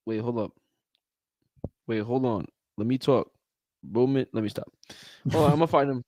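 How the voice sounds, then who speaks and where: A young man co-hosting a sports podcast, excitable and teasing in casual chat. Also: mid-range voice, normal speed, long pauses, no room sound, studio quality. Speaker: podcast co-host.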